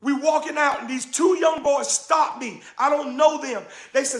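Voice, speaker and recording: High-voiced preacher man, echoey room. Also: moderate pace, hardly any pauses. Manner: preacherly, emphatic, builds to shouting. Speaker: pastor and show host. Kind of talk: impassioned spoken testimony.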